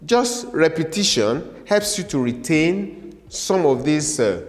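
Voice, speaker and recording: A man's voice: fairly high pitch, a little mellow. A man teaching a language lesson, patient and repetitive, having learners repeat words after him. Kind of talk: slow, drilling language lesson. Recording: echoey room with faint music.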